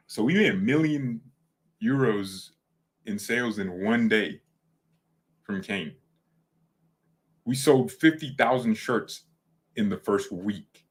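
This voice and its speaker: A man's voice: on the low side, slow, pauses often. A man hosting a fan channel in casual livestream chat, rambling, correcting himself and joking. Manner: rambling, self-correcting, jokey.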